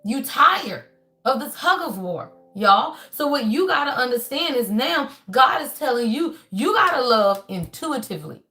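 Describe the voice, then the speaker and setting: A woman with a high voice gives a casual tarot reading straight to her viewers. She is emphatic and profane, tags nearly every line with y'all, and breaks into animated laughs and shouts. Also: measured pace, soft background music. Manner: emphatic and profane, keeps tagging lines with y'all. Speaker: tarot reader.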